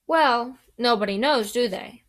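A woman voicing a bossy know-it-all schoolgirl, brisk and matter-of-fact. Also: on the high side, natural voice.

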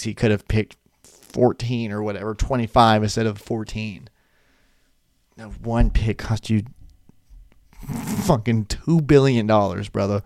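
A man's voice: lowish voice, a little mellow, no room sound. Man, casual cussing rambles, webcam desk chat, dry room. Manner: rambling, profane, laughing asides. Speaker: vlogger. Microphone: desk webcam setup.

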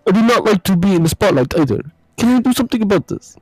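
A man's voice: extremely high pitch, big pitch swings, slow, no echo, soft background music, pitched above the performer's own voice, full character voice, low-quality recording. A man voicing a cat-eared shrine maiden from a visual novel, reading her lines aloud with jumbled mock accents. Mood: jokey. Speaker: player reading along.

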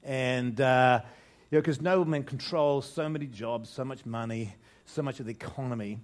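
This older preacher addresses his church congregation at medium pitch and normal speed. His sermon is conversational, full of restarted phrases and rhetorical questions.

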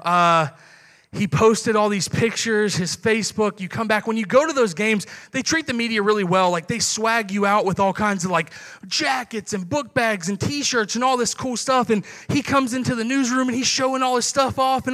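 High, bright-voiced male pastor telling a story. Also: normal speed, big-room sound. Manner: animated storyteller acting out quoted conversations. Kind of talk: sermon storytelling.

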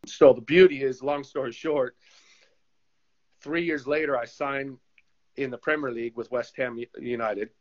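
A man, a former goalkeeper turned coach, telling animated stories in a casual interview and acting out the voices of people he quotes. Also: mid-range voice, moderate pace, pauses often. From United States. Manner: animated storyteller who acts out quoted voices. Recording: slightly dull lo-fi sound.

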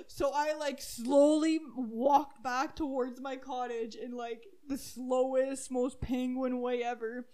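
A young woman telling a funny story in casual chat, animated and laughing, with lots of "like"s and squealing highs. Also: takes it slowly, few pauses. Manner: animated, laughing, squeals when excited, many "like"s. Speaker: storyteller co-host.

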